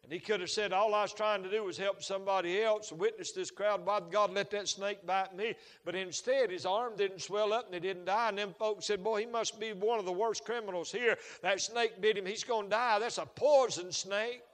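A man preaching a sermon, telling Bible stories in a folksy way that builds to shouted fervor. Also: sits high, fairly even intonation, normal speed, few pauses, in a large hall.

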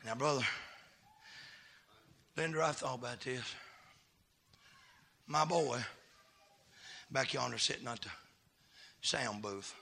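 A middle-aged man, a pastor telling folksy stories that build into shouted preaching. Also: mid-range voice, gravelly, slightly rough. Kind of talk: sermon.

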